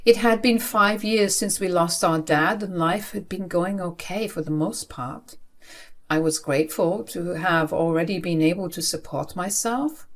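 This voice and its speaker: A woman in her twenties telling her own life story in the first person, in a steady, earnest way. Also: lowish voice, measured pace. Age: 20s.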